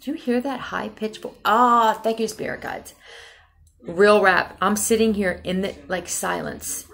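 This Philadelphia tarot reader keeps things casual and blunt, cursing often and wandering from thought to thought. Her medium-pitched, fairly bright voice has vocal fry, and she speaks at a measured pace.

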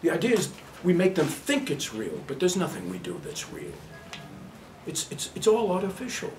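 A man's voice: sits high, huge pitch swings, moderate pace, darkish tone, slight background noise. A man leading an acting workshop for a class, blunt and demonstrative, laughing often as he talks. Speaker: acting teacher. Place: workshop room with a live class. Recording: echoey room, mic far off.

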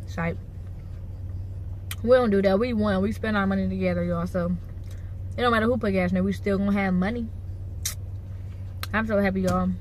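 Woman, twenties, loud, playful, casual car vlog, faint background noise. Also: mid-range voice, low-quality recording. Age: 20s. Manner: loud, playful, talks straight to viewers. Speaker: vlogger, mother. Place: in a car at a gas station.

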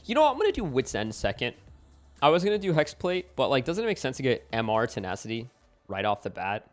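A man giving live gameplay commentary as a streamer at home, excitable and bursting into yells and laughs. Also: medium pitch, fast talker, faint music behind. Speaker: gaming streamer. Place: home room with window open.

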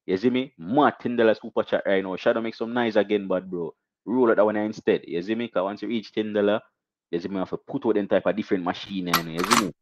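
A young Jamaican man hosting a casual live stream, shouting out viewers and reading donations with animated, repetitive catchphrases. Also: on the low side, quick pace, dry recording, highs cut off.

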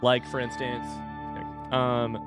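A man's voice: medium pitch, monotone, slow, over music. A man chatting casually and joking as he streams a game from a room at home, swearing freely and talking to his chat. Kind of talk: casual live-stream commentary.

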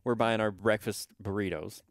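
Animated young man cutting in on a story. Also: fairly low pitch, normal speed, no echo, clean studio sound. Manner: animated, jumps in to correct, mock-yells quotes. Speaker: podcast co-host. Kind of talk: casual storytelling chat.

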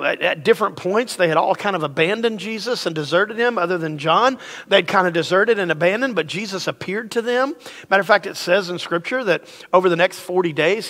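A man's voice: high-pitched, sharp tone. A middle-aged male pastor with a drawl, preaching a casual, joking sermon and leading his congregation in call-and-response. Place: church sanctuary. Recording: long hall reverb.

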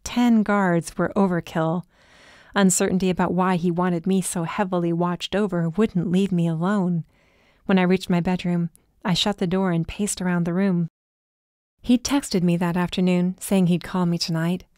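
A woman's voice: fairly low pitch, fairly even intonation, normal speed, darkish tone, no echo, studio quality. Woman reading a first-person audiobook. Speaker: audiobook narrator.

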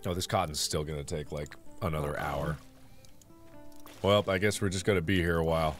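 A man's voice: a bass voice, steady tone, a little fast, faint music behind. A man streaming a farming game, chatting casually and joking while he talks through his plans. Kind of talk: casual gameplay chat.

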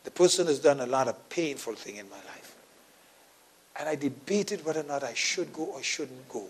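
A man preaches a sermon in his church, his voice sitting in an everyday middle register. He tells a personal story, playing out the dialogue himself and sometimes laughing at it. He drops into quiet, intimate asides, then rises into loud, emphatic preaching. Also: medium pitch, expressive, moderate pace, husky. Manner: storytelling, acting out his own quoted dialogue. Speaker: pastor.

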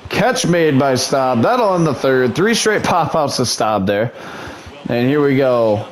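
A man's voice: medium pitch, lively intonation, unhurried. Man calling his own game play-by-play. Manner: mock broadcaster calls mixed with muttered frustration. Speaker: gaming YouTuber. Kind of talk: play-by-play commentary while gaming.

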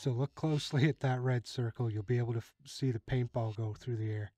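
A man hosting his own channel, giving calm instructional voice-over commentary on game footage and chuckling now and then. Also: mid-range voice, fairly quick, no room sound, rough recording. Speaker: channel host.

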